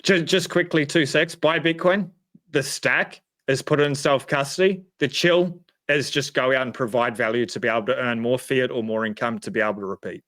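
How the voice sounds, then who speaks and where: A man's voice: medium pitch, normal speed, a bit bright. A man with an Australian accent hosting a casual podcast, blunt and emphatic, swearing freely. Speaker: podcast host.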